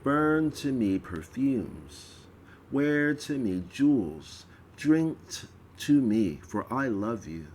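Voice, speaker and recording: A man slowly reading aloud a ritual text in a measured way, with an occasional stumble. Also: mid-range voice, big pitch swings, darkish tone, a little hiss or hum. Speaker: reader of a religious text.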